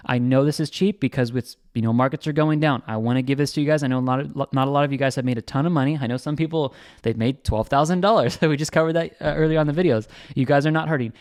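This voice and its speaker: A man hosting a trading channel, giving casual market commentary in an energetic, salesy way with lots of repeats and restarts. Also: medium pitch, clean tone, no echo, clean studio sound. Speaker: crypto trading channel host.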